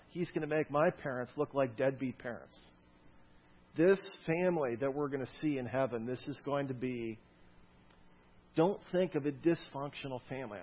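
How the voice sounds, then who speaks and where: A man preaching a sermon to his congregation, swinging from loud, stressed lines to soft, quiet asides. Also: mid-range voice, dull audio. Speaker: pastor.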